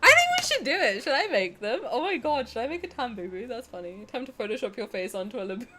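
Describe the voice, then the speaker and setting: A woman's voice: on the high side, big pitch swings, quick pace, very noisy. A young Southern English woman streaming a game, chatting casually in a bubbly, giggly, self-mocking way. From South of England.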